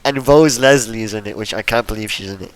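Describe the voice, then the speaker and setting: A man's voice: lowish voice, fast talker, poor audio. A man co-hosting a podcast, chatting playfully and teasing, with lots of fillers. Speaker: podcast co-host. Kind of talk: casual chat.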